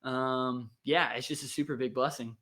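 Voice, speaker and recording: A young man hosting a worship livestream in casual chat, excitable and thinking aloud with plenty of fillers. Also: mid-range voice, normal speed.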